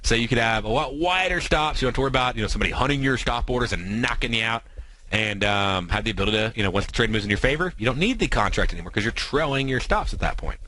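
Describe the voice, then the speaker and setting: An American man hosting a trading show, explaining strategies in quick, filler-heavy talk. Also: medium pitch, lively intonation, bright, forceful tone, low-quality recording. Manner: talks fast, many fillers and asides.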